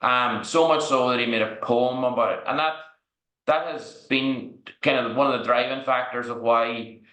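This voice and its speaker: A man's voice: medium pitch, steady tone, normal speed, fairly bright tone. An Irish man as a podcast guest, telling frank, rambling stories and checking in with "right?" as he goes. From Ireland. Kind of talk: candid storytelling interview. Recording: echoey room recording.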